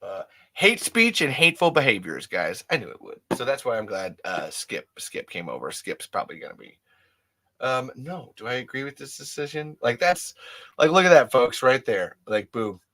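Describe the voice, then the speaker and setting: A man's voice: medium pitch, very animated, normal speed, pushed and bright. A man hosting a podcast, talking alone in a rambling, candid way and often restarting his sentences. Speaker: podcast host. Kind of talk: casual solo monologue.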